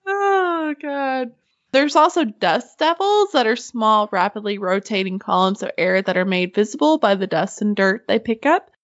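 Chatty woman host, slightly high voice, giggles often, dull lo-fi audio. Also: expressive, normal speed. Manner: chatty and giggly, swears casually. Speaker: podcast host. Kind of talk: casual chat.

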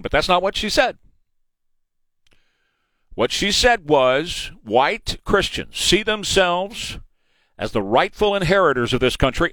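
A forty-something man with a Texan accent runs his radio talk show from the studio, hammering each point home and circling back to repeat it. His voice sits a bit high for a man, and the sound is close and dry, with no room around it. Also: fairly bright tone, dry recording. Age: 40s. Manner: emphatic, opinionated, repeats points for emphasis. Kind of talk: political talk radio monologue. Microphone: studio microphone.

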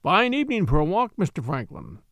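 A man's voice: fairly high pitch, wildly swooping pitch, brisk, no echo, exaggerated voice. A man doing Betteredge, a sly old steward. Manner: folksy, gently scolding. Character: shrewd, sly old male house steward.

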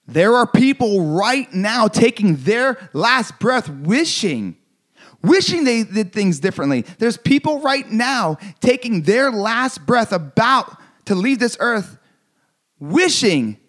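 High-pitched guy preaching motivation, intense and repetitive, drops f-bombs. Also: fairly bright tone. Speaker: motivational speaker. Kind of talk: motivational speech.

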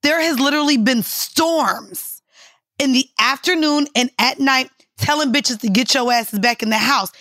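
Podcast co-host, woman, high and bright, loud opinionated rants. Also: moderate pace. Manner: profane, emphatic, ranting. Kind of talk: casual chat.

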